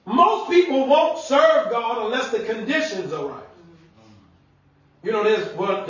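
High-voiced preacher man in an echoey church. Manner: animated, shouting at times, laughing, conversational preaching. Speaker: pastor. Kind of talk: sermon. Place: church sanctuary. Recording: echoey church room, mic at distance, dull sound.

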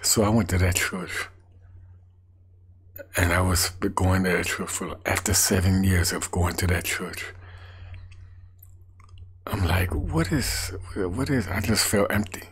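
Gravelly low-voiced man testifying in hushed tones. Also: little pitch movement, measured pace, pauses often. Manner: hushed, half-whispered storytelling with sudden emotional lifts. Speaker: street evangelist. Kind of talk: personal testimony.

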